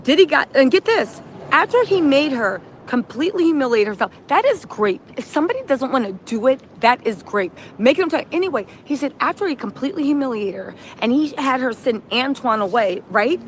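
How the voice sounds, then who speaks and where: A woman hosting a reaction livestream, recapping events in animated storytelling, acting out quotes and often asking "right?". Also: high voice, a little fast, a little hiss or hum. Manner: punctuates with "right?". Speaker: streamer host.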